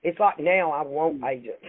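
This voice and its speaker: A woman with a Kentucky accent, an insurance agency CEO appearing as a guest, chats casually in an interview about her work in a warm, folksy way and laughs often. Her voice is low and her pace measured. The audio sounds tinny, like a phone call.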